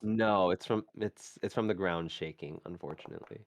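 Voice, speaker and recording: A man narrating a tabletop game as game master on a live stream, halting and searching for words as he describes the scene. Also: deep voice, no room sound.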